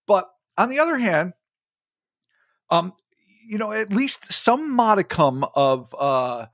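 A man's voice: sits high, sing-song, slow, a bit bright, no room sound, studio quality. Profane, rambling male podcast co-host. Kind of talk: casual chat.

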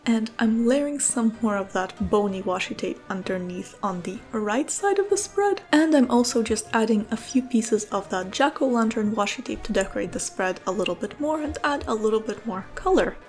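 A woman casually narrating a voice-over for her journaling vlog, easygoing and soft-spoken with frequent fillers. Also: a little high, expressive, moderate pace, hardly any pauses, soft background music. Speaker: bullet journal vlogger.

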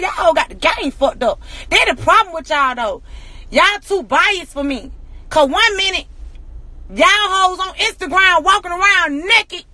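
A woman in an angry, profane rant to camera, hammering rhetorical questions and often shouting. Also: very high voice, no echo. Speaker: social media personality.

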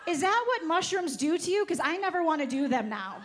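A woman's voice: extremely high pitch, very animated, fairly quick, hardly any pauses, a bit bright, slight background noise. A woman doing a brash, profane stand-up set at a live show, teasing the audience. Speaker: stand-up comedian. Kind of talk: stand-up set with crowd work. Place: live comedy show on stage.

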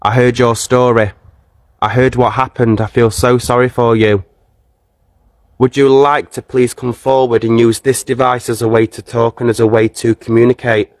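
A man's voice: mid-range voice, little pitch movement, normal speed, no room sound. A man hosting a live ghost-hunting stream at a castle, coaxing a spirit to speak and chatting to his viewers through a handheld phone. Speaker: ghost-hunting livestream host. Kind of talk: live paranormal investigation, talking to a spirit and viewers. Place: castle grounds.

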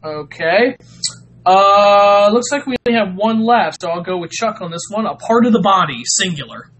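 A man's voice: high voice, expressive, normal speed, fairly bright tone, a little hiss or hum, poor audio. Giggly, stammering male stream host. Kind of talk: casual live-stream chat, reading Mad Libs.

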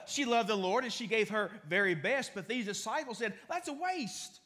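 A man pastor, his voice sitting high and a bit bright, delivers a conversational sermon in a church sanctuary, frequently starting over mid-sentence and leaning on fillers.

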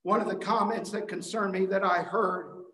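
A man's voice: sits high, fairly even intonation, normal speed, sharp tone, echoey room, low-quality recording. A man delivering an emphatic sermon at a worship service, repeating phrases for weight and stumbling over a word now and then. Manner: emphatic preaching with repetition and some stumbles. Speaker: preacher.

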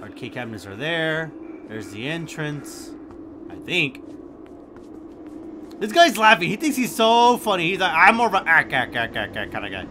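A young man giving gameplay commentary, swinging from hushed muttering to loud, sweary shouting. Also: high voice, slight background noise. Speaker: gaming YouTuber.

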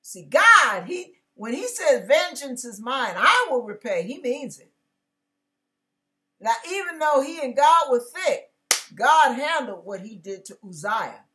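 A woman's voice: high-pitched, very animated, takes it slowly, pushed and bright. A woman pastor giving a casual, conversational sermon, acting out biblical characters and dropping slangy asides.

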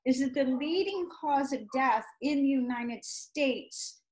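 A woman's voice: high voice, slow pace, a little mellow, a little hiss or hum, rough recording. A woman hosting an interview as a medical intuitive healer, explaining step by step and often checking in with "right?". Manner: explanatory, keeps asking "right?".

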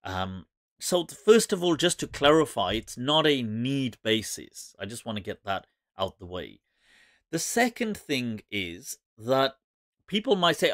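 A man, an Islamic scholar, giving casual commentary to camera in an animated, mocking way, laughing often. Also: mid-range voice, a little slow, no room sound, clean studio sound.

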